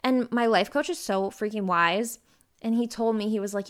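A woman in her twenties hosting a podcast, talking casually and openly with lively bursts of emphasis. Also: on the high side, moderate pace. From Ohio. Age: 20s. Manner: chatty, open and confessional, with lively bursts of emphasis. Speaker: podcast host. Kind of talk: casual personal chat.

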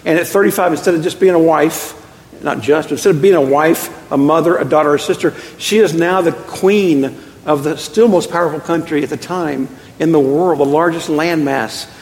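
A middle-aged man preaching a sermon as pastor, an animated storyteller with quick self-deprecating asides. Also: a little high. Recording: echoey hall with long reverb.

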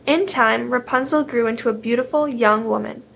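A woman reading a fairy tale aloud in a steady, clear storytelling manner. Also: fairly high pitch, normal speed, slight background noise.

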